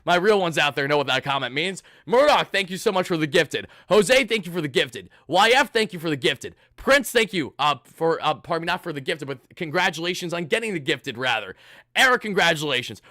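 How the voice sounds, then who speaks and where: A man's voice: a little high, lively intonation, brisk, bright, forceful tone, dry recording, studio quality. A man hosting a live postgame stream, hyped and thanking donors one after another. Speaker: sports channel host.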